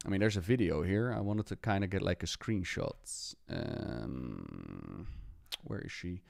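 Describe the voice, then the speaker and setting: Excitable male streamer. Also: low-pitched, measured pace, gravelly, dry recording, studio quality. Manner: chatty, excitable, talks to the game and chat. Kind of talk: casual live-stream commentary.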